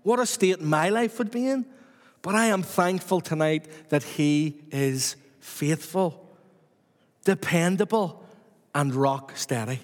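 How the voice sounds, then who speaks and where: A man's voice: on the high side, slow, big-room sound. A man preaching a sermon to his church with repetitive, rhythmic emphasis.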